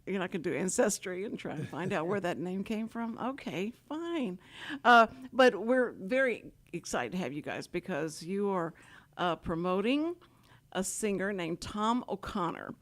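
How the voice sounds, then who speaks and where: A woman's voice: mid-range voice, expressive, normal speed. A woman from Houston hosting a talk show, rambling and laughing often as she chats with guests. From Houston, Texas. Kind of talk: casual chat. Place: radio studio.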